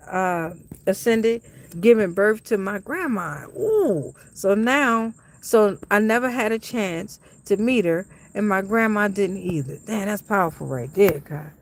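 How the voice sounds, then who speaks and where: A woman hosts a casual tarot livestream and talks straight to her viewers in loose, frank slang. She swears freely and keeps reacting to the chat, calling out viewers by name. Her voice sits at an ordinary middle pitch. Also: darkish tone. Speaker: tarot reader hosting a livestream.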